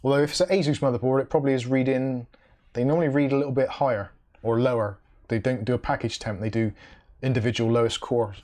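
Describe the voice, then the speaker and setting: A man's voice: medium pitch, steady tone, fast, a little mellow. A man hosting a casual livestream, reading viewer comments aloud and reacting with dry asides, humming to himself between messages. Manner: chatty, hums "da da da" between comments. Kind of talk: casual live-stream chat.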